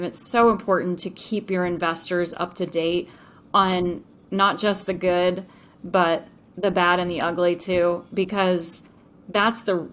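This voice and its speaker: A woman entrepreneur speaking as a podcast guest, enthusiastic and chatty, with frequent fillers. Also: on the low side. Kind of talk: podcast interview.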